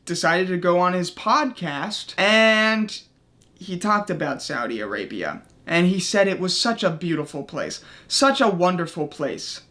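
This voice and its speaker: High-voiced man ranting on camera. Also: very animated, a little slow, pushed and bright. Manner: profane, exasperated, keeps asking "okay?". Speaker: commentary YouTuber. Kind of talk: ranting commentary.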